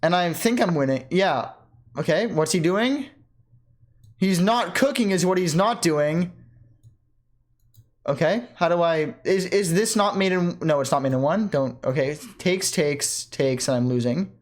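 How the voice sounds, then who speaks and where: A chess player giving casual commentary on their own game at home, thinking aloud with quick self-corrections and bursts of excitement. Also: medium pitch.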